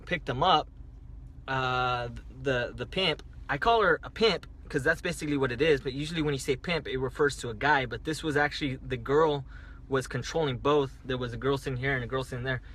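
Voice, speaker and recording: A man tells a story into his phone on a casual livestream. His voice is bright and sits at a middle pitch. He rambles, repeats himself and keeps restarting his sentences. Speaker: livestreaming driver. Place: parked car at night.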